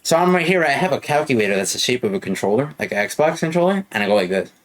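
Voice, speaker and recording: A young man hosting a podcast, telling a casual story in a profane, animated way with frequent laughs. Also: mid-range voice, fast talker. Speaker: podcast host. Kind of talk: casual chat.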